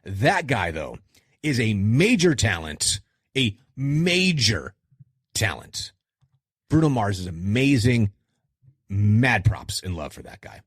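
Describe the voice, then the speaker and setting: Animated middle-aged man, husky and dry. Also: slow, long pauses, no echo. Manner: animated, self-deprecating, jumps in pitch for emphasis. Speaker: podcast host. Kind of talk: casual solo podcast talk.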